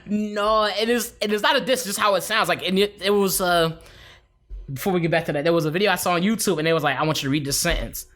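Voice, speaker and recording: A man's voice: high voice, quick pace. A man co-hosting a podcast, chatting casually, teasing his partner and telling stories with lots of laughter. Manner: laughing, teasing, animated storytelling. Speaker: podcast co-host. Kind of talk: casual chat.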